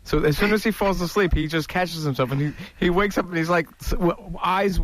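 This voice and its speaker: A man's voice: high voice, a little fast, dry recording. A man recounting trip stories as a radio show regular, eager and rambling with fillers. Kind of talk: casual storytelling.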